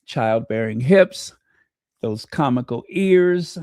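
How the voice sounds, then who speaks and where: A man's voice: medium pitch, expressive, takes it slowly, darkish tone, no room sound, studio quality. A man hosting a casual livestream, trading snarky gossip, thanking viewers and breaking into bits of song. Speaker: livestream host.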